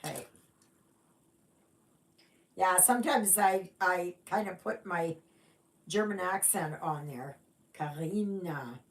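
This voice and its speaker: Slow, chatty woman live-streaming her stitching. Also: fairly low pitch. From Canada. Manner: chatty, reads viewer comments aloud and greets them; unhurried, rambling with fillers. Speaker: stitching livestream host. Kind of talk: casual live-stream chat.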